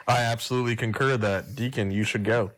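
A man's voice: mid-range voice, fairly even intonation, brisk, a bit bright. A young man, a seminarian hosting a casual podcast and cracking self-deprecating jokes. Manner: joking, self-deprecating, loose.

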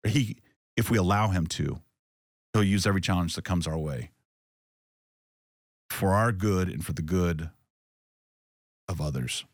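A very deep-voiced man hosting a casual faith podcast. He talks earnestly and reflectively and often circles back to restart a thought. The sound is dry and close, with no room around it. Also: measured pace, pauses often, dry recording. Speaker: podcast host.

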